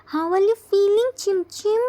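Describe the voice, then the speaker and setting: A woman's voice: extremely high pitch, unhurried, warm tone. A woman voicing a devoted, protective little boy who speaks earnestly and reassuringly.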